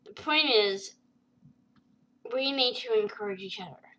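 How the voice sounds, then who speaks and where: A woman vlogger telling a personal story to camera, halting and emotional, with many fillers and restarts. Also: mid-range voice, pushed and bright, rough recording. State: tearful at times.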